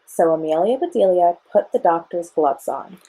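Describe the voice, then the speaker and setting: A young woman in her early twenties reads a children's picture book aloud, telling the story in a clear, expressive way. Her voice is low and husky, and her pitch moves a lot. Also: normal speed.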